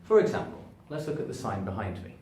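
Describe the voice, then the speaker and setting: 英語の発音を教える男性、低めの声、反響する部屋. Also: male voice, fast talker. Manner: demonstrates stress by stretching words, lively shifts in pitch. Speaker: English pronunciation teacher. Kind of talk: spoken English lesson to camera. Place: room standing before a sign. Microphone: camera at a distance, moving toward and away from it. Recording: echoey room, voice from a distance, faint background noise.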